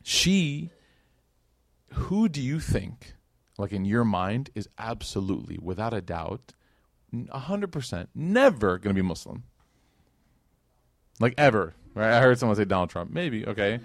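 A man's voice: on the low side, sing-song, unhurried, long pauses, dry recording, clean studio sound. A man giving a casual religious lecture, telling a story in a conversational way with many fillers and acted-out quotes. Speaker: speaker teaching Islamic history.

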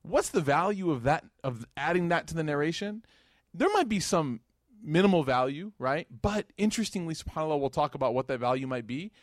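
A young man preaching in a casual, animated storytelling way, acting out the people in the story and joking along the way. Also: on the high side, a little fast, dry recording, studio quality. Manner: animated storytelling with voices and jokes. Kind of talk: casual Islamic lecture.

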